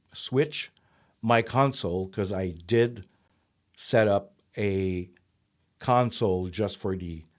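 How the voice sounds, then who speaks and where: A man in his fifties who plays drums chats casually to camera from his home studio while demonstrating vocal microphones. He thinks aloud and corrects himself as he goes. His voice is lowish and a little mellow, picked up close on a studio vocal mic.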